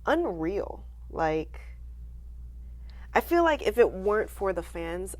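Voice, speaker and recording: A woman's voice: medium pitch, slow. A woman in her late twenties, a wrestler and interview guest, telling her story candidly and acting out what people said to her. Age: late 20s. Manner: animated, acts out quoted voices, laughs often.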